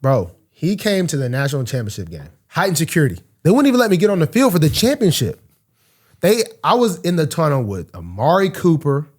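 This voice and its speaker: Animated young man telling stories. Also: fairly high pitch, a little fast. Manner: animated storyteller, acts out quotes. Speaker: podcast co-host, football player. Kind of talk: casual podcast banter.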